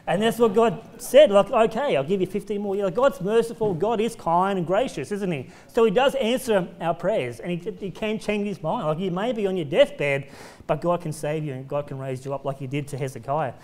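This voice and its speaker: High-voiced chatty pastor. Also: male voice, moderate pace, a little mellow. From Australia. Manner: casual and chatty, acts out voices of the people in the story. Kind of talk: conversational sermon with scripture reading. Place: church.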